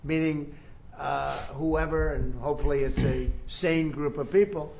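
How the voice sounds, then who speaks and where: A man's voice: a little high, fairly even intonation, a little slow, vocal fry, a little mellow, low-quality recording. A man speaking as a politician at press remarks, rambling and restarting his phrases over and over.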